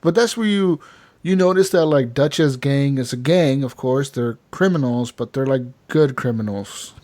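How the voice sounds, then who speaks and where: A man casually chatting on a podcast, telling stories with lots of swearing and acting out characters in shouted voices. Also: normal speed. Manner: animated storytelling, acts out characters with high shouts and swearing. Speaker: podcast co-host. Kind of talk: casual chat.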